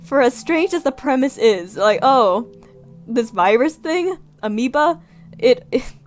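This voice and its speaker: A young woman streamer reading a visual novel aloud, giggling and reacting with animated outbursts. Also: high voice, measured pace, soft background music. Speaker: gaming streamer.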